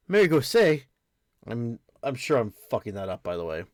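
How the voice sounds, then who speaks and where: A man's voice: mid-range voice, sing-song, moderate pace, no room sound, studio quality. Tired man reading comics aloud, wry asides. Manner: wry, sleepy asides, casual swearing. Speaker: comic reader and reactor. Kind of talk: casual reading and reacting.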